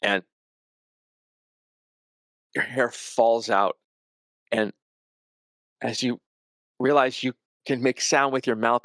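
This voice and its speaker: A man narrating a tabletop role-playing game as game master, in a dramatic, measured way. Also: mid-range voice, a bit bright, no room sound, studio quality.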